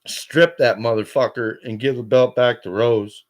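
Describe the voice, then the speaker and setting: A man on a call-in show, ranting angrily and swearing constantly, his voice climbing toward shouts. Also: mid-range voice, fairly even intonation, moderate pace. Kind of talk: angry profane rant.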